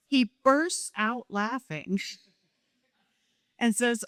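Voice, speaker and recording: A woman's voice: mid-range voice, unhurried, a bit bright, clear, resonant tone, no room sound. Emotional middle-aged woman telling a story. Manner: heartfelt, emotional, reading from pages. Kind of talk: personal story read aloud at a live event.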